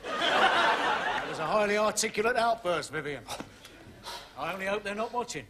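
A man's voice: high voice, animated, normal speed, heavy background noise. An actor playing a smug young man with dry wit and a British accent.

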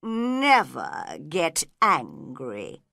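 Woman voicing a drowsy grumpy caterpillar, low-pitched, drawn-out words, curt, storybook reading, dry sound. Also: wildly swooping pitch, gravelly, bright, forceful tone, no echo, exaggerated voice. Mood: sleepy, curt. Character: slow sleepy unfriendly male caterpillar smoking a pipe.

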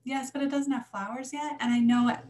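A woman's voice: high-pitched, steady tone, fairly quick, darkish tone, roomy sound, slight background noise, voice pushed up, lightly acted. A woman reading a storybook aloud and voicing an eager, stubborn schoolgirl who talks in a hopeful, insistent way.

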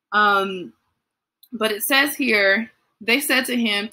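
A woman's voice: medium pitch, slow pace, pushed and bright. A young adult woman leading a youth Bible study in a casual, chatty way, full of fillers and acted-out quotes.

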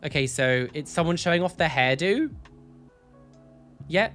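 A man's voice: a little high, measured pace, long pauses, fairly bright tone, soft background music. A young man hosting a casual reaction video, camp and flamboyant, with playful exclamations. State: out of breath. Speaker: host.

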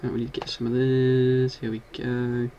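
Excitable man doing gameplay commentary. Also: medium pitch, normal speed, lo-fi sound, background noise. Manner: excitable, swears and scolds game monsters. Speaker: gaming video host.

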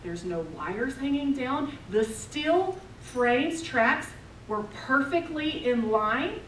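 A middle-aged woman giving a storytelling sermon at a retreat, animated and acting out the dialogue in her stories. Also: high-pitched, slow. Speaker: retreat speaker. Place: retreat meeting room. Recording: echoey hall, distant mic, background noise.

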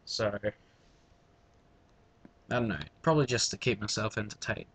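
A man's voice: on the low side, expressive, moderate pace, pauses often, breathy edge, no room sound. A man giving casual gameplay commentary, rambling through mumbled asides to his viewers. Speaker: let's play gamer.

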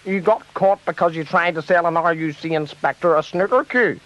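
A man's voice: on the high side, brisk, a bit bright, natural voice. A man playing a fussy, flustered TV debate presenter. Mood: officious. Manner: fussy, scolding interviewer. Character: flustered middle-aged male TV debate presenter. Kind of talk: comic radio sketch. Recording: dull lo-fi tape.

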